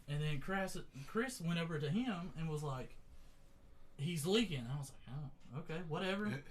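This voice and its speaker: A young man, a podcast co-host, telling a story in casual chat, animated and laughing often. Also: high-pitched.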